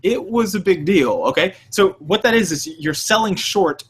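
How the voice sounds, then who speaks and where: A man's voice: high-pitched, normal speed, slightly rough. A man co-hosting a podcast in casual chat, swearing freely and acting out the voices he quotes. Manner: animated, profane, acts out quoted voices. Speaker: podcast co-host.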